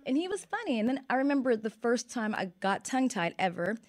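A woman journalist guest in a casual chat, telling animated stories about interviews. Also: a little high. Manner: fast, storytelling, animated.

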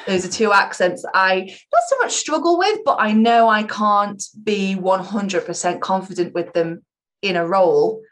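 A woman's voice: mid-range voice, lively intonation, moderate pace. A young adult woman, an improv performer, talking chattily and animatedly in a casual interview, with self-mocking humor.

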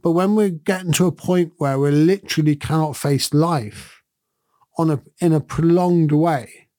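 A man's voice: fairly high pitch, unhurried, warm tone, dry recording, studio quality. A middle-aged man, a podcast host, giving a thoughtful and earnest reflective monologue in a conversational way.

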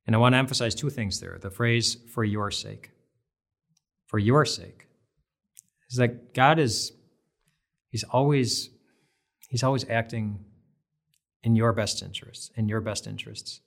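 A man's voice: lowish voice, a little slow, gravelly, pauses often, a bit bright. A man giving a devotional sermon, earnest and conversational, often restarting his phrases. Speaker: pastor.

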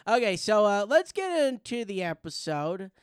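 Man, game master host, smooth and clear, playful, with a dry close sound. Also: high voice, sing-song, dry recording. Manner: playful, quick to laugh, steers the group. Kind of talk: casual podcast banter and narration.

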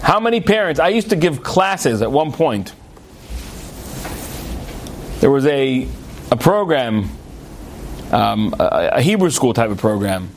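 A man teaching a Torah lesson as a rabbi, telling stories in an animated way and acting out the characters. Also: medium pitch, measured pace, pauses often, slight background noise. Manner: animated storyteller, acts out the characters.

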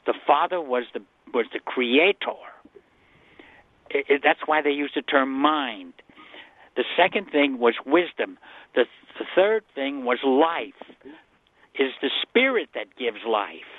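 A man's voice: mid-range voice, expressive, a little slow, dry recording. A man as a guest scholar on a call-in radio show, explaining scripture earnestly and often restarting his sentences. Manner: earnest, explanatory, repeats himself. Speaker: guest Bible scholar answering callers. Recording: dry phone-line sound.

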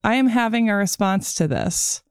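A woman co-hosts a movie podcast in a smooth, clear voice. She talks casually and drifts into long, winding stories. The sound is dry and close. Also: mid-range voice, lively intonation, moderate pace, no room sound. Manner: chatty, digressive storytelling. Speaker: podcast co-host. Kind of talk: casual chat about movies.

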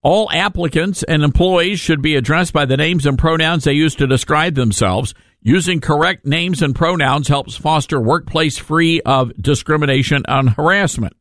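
A man hosting a talk radio show, giving casual opinion commentary in an animated, sarcastic way with rambling asides. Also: a little high, normal speed, few pauses, no echo, clean studio sound.

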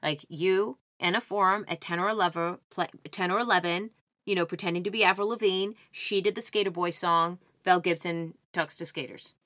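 Excitable woman podcast co-host. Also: on the low side, dry recording, studio quality. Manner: excitable, playful, quick to gasp and joke. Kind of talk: casual conversational chat.

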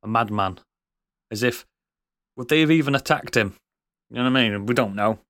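A man's voice: mid-range voice, a little fast, fairly bright tone, dry recording, clean studio sound. A man chatting on a podcast, blunt and jokey. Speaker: podcast co-host. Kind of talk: casual podcast chat.

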